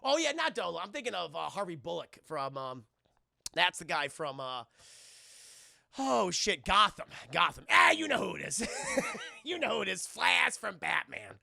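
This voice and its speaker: Animated, gravelly-voiced man streaming. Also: sits high, normal speed, no room sound, clean studio sound. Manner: animated, profane, laughing often. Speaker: streamer reviewing a film. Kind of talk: casual livestream chat.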